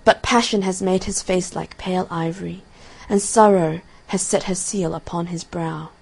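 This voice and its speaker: A woman's voice: on the low side, steady tone, moderate pace, vocal fry, a little mellow, breathy edge, poor audio. A tender, devoted nightingale speaks with earnest, lifted feeling, as a woman reading the tale puts her on. Her lines come out raised and full of longing. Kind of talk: storybook reading.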